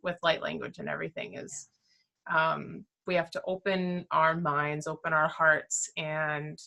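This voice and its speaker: A woman's voice: low-pitched, level tone, a little slow, gravelly, bright, forceful tone. A woman co-hosting a spiritual chat podcast, talking in an enthusiastic, affirming way. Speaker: podcast co-host. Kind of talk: casual chat.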